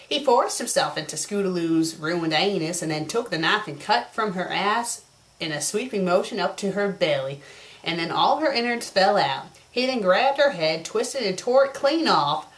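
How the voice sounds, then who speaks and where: With a lowish voice, animated at a normal pace, a fanfiction critic hosts her review show by reading a story in an exaggerated Southern US drawl. She keeps interrupting with exasperated, mocking commentary and comes across slightly tipsy.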